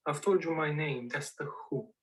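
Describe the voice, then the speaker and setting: A man playing a suave male criminal mastermind who speaks in a measured, idiosyncratic way with deliberate pauses. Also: fairly high pitch, far from the mic, lightly acted, rough recording. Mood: smug, deliberate.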